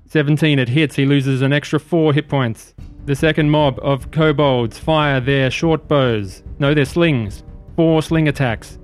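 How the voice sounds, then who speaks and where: A man running a tabletop game as game master, narrating rolls and actions in a steady, matter-of-fact way. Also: on the high side, a little slow, few pauses, faint music behind.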